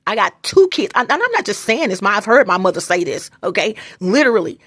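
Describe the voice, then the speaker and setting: Female vlogger, talks to her phone, restless and rambling, cusses freely; medium pitch, dry sound. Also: sing-song, fast, fairly bright tone, no echo. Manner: loose, emphatic and profane, with many restarts and asides. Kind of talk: rambling casual monologue.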